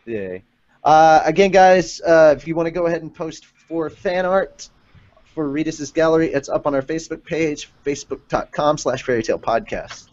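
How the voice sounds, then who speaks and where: A man's voice: on the high side, normal speed, a little mellow, slight background noise. Rambling jokey man hosting a podcast. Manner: rambling, jokey, reads comments aloud. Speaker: podcast host. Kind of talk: casual podcast chat. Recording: dull lo-fi stream audio.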